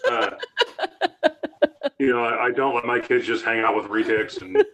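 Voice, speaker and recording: A man's voice: mid-range voice, steady tone, moderate pace, sharp tone, rough recording. A man in his thirties, a reptile keeper and show guest, giving long, rambling and blunt explanations in a casual interview.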